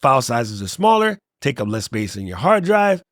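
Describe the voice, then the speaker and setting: A relaxed man walks through app settings in a casual, joking way, his voice sinking low at the ends of his sentences. The sound is dry and close, with no room echo. His pitch sits in a medium range. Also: moderate pace. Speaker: tech tutorial host. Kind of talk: casual screen walkthrough tutorial.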